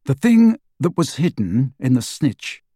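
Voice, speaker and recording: A man voicing a weary teenage boy wizard, tired, quiet and measured, in an audiobook. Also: medium pitch, very animated, husky, no room sound, clean studio sound. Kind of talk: audiobook character voice.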